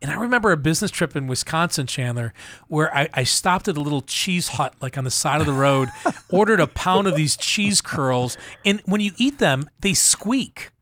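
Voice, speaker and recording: A man hosting a radio talk show, jokey and lively, who often stammers and restarts. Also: fairly high pitch, moderate pace. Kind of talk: casual radio chat.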